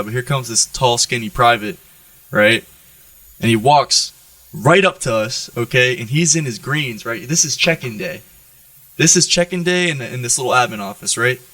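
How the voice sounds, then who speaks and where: An American man tells war-room stories from his Marine days, swearing freely and tossing in "right?" to keep his listeners with him. His voice is bright and forward at an average pitch, recorded close and dry with no room sound. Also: moderate pace, dry recording, far from the mic, low-quality recording. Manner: profane, animated storyteller who keeps checking in with "right?". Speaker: Marine guest on a podcast. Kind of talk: storytelling in an interview.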